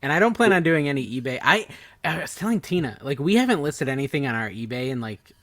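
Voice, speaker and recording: Man, lively up-and-down voice, dry close sound, chatty host. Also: fairly high pitch, fast talker, no echo. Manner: chatty, laughs easily, lots of likes. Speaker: podcast host. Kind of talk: casual chat.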